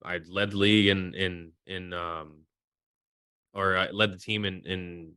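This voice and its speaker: A man in his thirties, a former pitcher, chatting casually as a podcast guest and acting out the dialogue in his stories. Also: unhurried, clear, resonant tone, no echo, studio quality. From Mexico. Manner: animated storyteller, acts out quoted dialogue. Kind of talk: casual chat.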